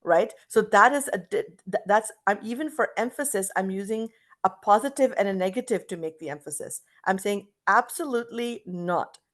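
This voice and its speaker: A woman's voice: medium pitch, a little fast, a bit bright. A middle-aged woman from Canada teaching an online English class over a video call, explaining with example sentences and frequent restarts.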